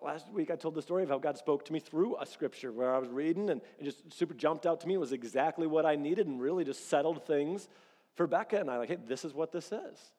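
Animated pastor preaching in a reverberant hall. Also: male voice, a little high, fast talker. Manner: animated storytelling, acts out quoted dialogue. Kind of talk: sermon.

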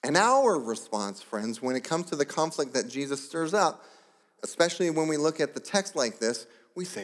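A pastor delivering a sermon, telling the story with lively asides and brief voiced characters. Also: male voice, mid-range voice, normal speed. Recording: long hall reverb.

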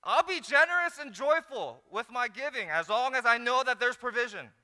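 Man, pastor, sermon, bright forceful voice, smooth, echoing hall. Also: very high voice, moderate pace. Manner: animated storytelling, acts out disciples in mock voices. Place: large hall. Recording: echoey hall.

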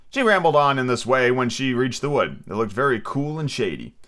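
A man's voice: medium pitch, very animated, brisk, hardly any pauses, fairly bright tone. Male podcaster reading aloud casually, chatty and self-correcting. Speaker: podcast host and audiobook reader. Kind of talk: casual read-aloud with asides.

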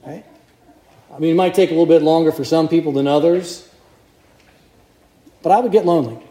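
A man's voice: on the high side, a little fast, dark tone, reverberant. A man preaching a sermon to a congregation in a conversational way, putting questions to his listeners. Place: church.

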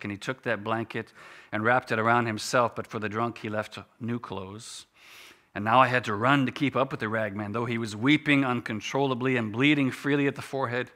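A man telling a story dramatically, expressive and dropping to a hush in quiet moments. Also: mid-range voice.

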